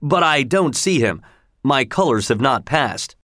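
A man's voice: medium pitch, animated, unhurried, a bit bright, no echo, clean studio sound. A man reading the part of an indignant older colonel who owns a racehorse, exclaiming in outrage and bewilderment. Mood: bewildered.

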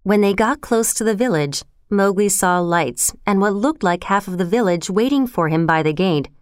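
Woman reading a storybook aloud, crisp voice. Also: medium pitch, normal speed, no echo, clean studio sound. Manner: steady expressive storytelling. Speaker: storybook narrator. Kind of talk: scripted narration.

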